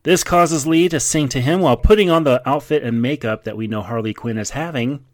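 A man's voice: medium pitch, fairly quick, no room sound. A man with a mid-range voice recaps film scenes in a casual podcast chat and states his dislike plainly. The sound is dry and close. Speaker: podcast co-host recapping the plot.

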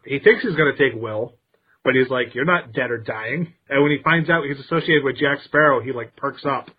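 Husky man on a tinny phone-like line. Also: medium pitch. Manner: wry, explains the plot with jokey asides. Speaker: podcast co-host. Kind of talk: casual movie commentary, recapping the plot.

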